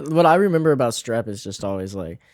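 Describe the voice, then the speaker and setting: A man's voice: medium pitch, sing-song, moderate pace, a little mellow, no echo, studio quality. A man co-hosting a podcast in casual chat, laid-back and slangy, chiming in with short reactions. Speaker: podcast co-host. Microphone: podcast mic.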